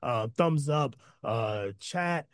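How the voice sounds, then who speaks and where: Casual online preacher, male, lively swings in pitch, dead-dry close sound, slangy asides, builds to emphatic repeats. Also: very slow, dry recording. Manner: energetic, building to emphatic repetition; conversational slang, self-interrupting asides. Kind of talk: online sermon with chat interaction. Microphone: close mic, video call.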